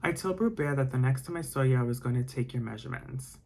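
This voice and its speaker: A sly trickster rabbit with folksy country talk and a gravelly, crackly edge, as a man reads him out. He sits in an ordinary middle register and sounds cunning and easy-going, like a storybook rascal. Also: mid-range voice, fast, a little mellow, close to an everyday voice. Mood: coaxing.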